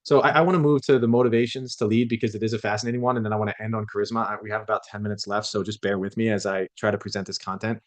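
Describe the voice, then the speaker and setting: A man's voice: lowish voice, steady tone, rapid-fire, few pauses. A man lecturing a class on leadership, talking conversationally, often restarting and acting out quotes.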